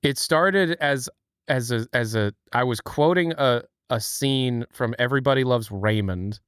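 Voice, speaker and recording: A man's voice: mid-range voice, unhurried, a bit bright, clean tone, no echo, clean studio sound. A man co-hosting a casual livestream chat who talks in a rambling, laughing, self-mocking way. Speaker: co-host.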